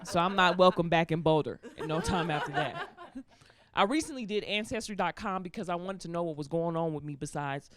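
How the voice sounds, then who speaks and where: A woman performing a stand-up comedy set, telling lively stories and acting out characters in put-on voices. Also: lowish voice, brisk, background noise. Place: comedy stage before a laughing audience.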